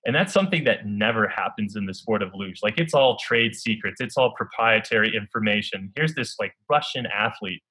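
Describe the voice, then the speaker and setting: A man, a young Olympic athlete, telling a personal story in an earnest, halting way full of fillers and restarts. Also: on the low side, animated, sharp tone, breathy edge, low-quality recording. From United States.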